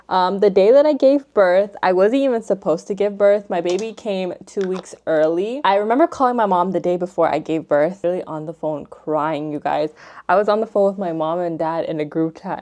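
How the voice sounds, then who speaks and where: A young woman vlogger telling a personal story in a casual get-ready-with-me video, chatty, emotional and full of fillers. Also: lowish voice. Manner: chatty, filler-heavy, says "like" and "you guys" constantly; emotional and animated retelling.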